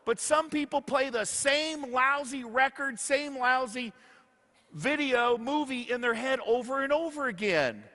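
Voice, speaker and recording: A man's voice: very high-pitched, normal speed, sharp tone. A man giving a motivational speech to an audience, telling stories and acting out what people said to him. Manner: storytelling, acting out quoted dialogue. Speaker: motivational speaker. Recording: echoey hall.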